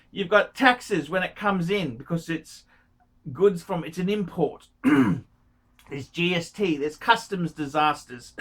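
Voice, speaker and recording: A man bluntly answering viewer questions, scolding and swearing, often clearing his throat. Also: sits high, sharp tone. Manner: profane, scolding, ranting; frequent throat clearing and coughs. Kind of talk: blunt advice monologue.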